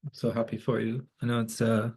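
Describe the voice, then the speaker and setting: A man leading a community call, gently thanking and affirming a participant. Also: medium pitch, flat delivery, fairly quick, husky. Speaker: group facilitator.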